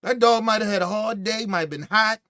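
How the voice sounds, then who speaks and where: A man hosting a podcast, telling stories in casual, profane, animated commentary and acting out what others said. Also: sits high, brisk, dry recording, clean studio sound. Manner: profane, animated storytelling with acted-out quotes. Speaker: podcast host.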